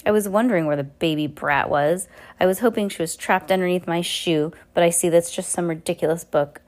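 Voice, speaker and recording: A greedy, cruel villain sneers and mocks his captives, breaking into little giggled asides, as a woman reading a storybook aloud puts him on. The voice sits rather low for a woman's range. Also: brisk, a little mellow, lightly acted. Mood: sneering. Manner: giggling "tee hee" asides, mocking.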